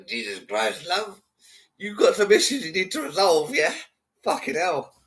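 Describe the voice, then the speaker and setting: A man's voice: sits high, moderate pace. A man vlogging, commenting on a clip in a profane, mocking, rambling way. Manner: mocking, sweary, animated.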